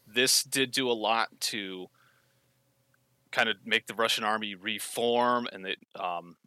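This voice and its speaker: A man's voice: fairly low pitch, a little slow, pushed and bright, clean tone, no echo. A man on a podcast explaining history in casual chat, rambling with fillers and frequent self-corrections.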